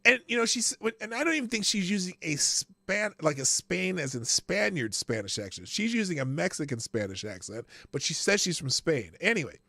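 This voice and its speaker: A man's voice: on the high side, very animated, normal speed, few pauses, bright, forceful tone, dry recording. A male host giving casual live commentary, crude and mocking, often breaking into laughter.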